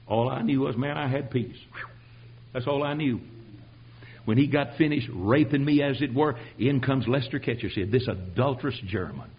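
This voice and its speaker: An older man preaching his own testimony, telling it dramatically and swinging from hushed tones to shouting. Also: medium pitch, husky, dull audio. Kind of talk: sermon testimony.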